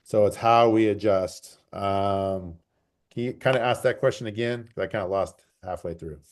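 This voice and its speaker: A man who coaches track and field, answering interview questions in a relaxed, rambling way and repeating phrases for emphasis. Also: on the low side, moderate pace. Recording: call recording.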